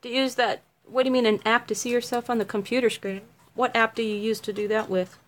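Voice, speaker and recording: A woman's voice: fairly high pitch, fairly even intonation, a little fast. A middle-aged woman making a craft video, chatting casually on a livestream, giggly and self-mocking.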